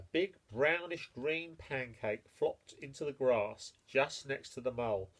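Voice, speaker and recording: A man reading a children's picture book aloud, expressive and playful with the sound words. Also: medium pitch, unhurried, few pauses. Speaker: storyteller.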